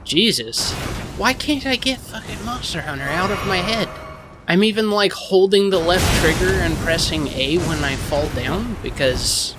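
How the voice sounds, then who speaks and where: Male gaming host, slightly high voice, loose self-mocking play-by-play with some cursing, game music clearly underneath. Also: measured pace. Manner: rambling, self-mocking, swears freely. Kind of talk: casual gameplay commentary.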